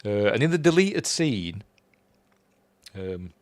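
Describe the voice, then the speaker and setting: Yorkshire-accented male film reviewer, chatty rambler, slightly low voice, dry mic. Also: very animated, slow pace, no echo. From Yorkshire, England. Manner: rambling, chuckling, quotes characters in a raised voice. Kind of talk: casual film recap.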